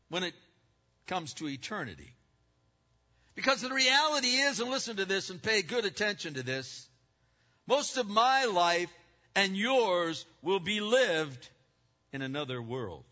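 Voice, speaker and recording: An older male pastor delivers an emphatic sermon, his high, bright voice rising to loud declarations and falling to hushed asides. The recording is dull and lo-fi, with a long reverb trailing through a large church hall.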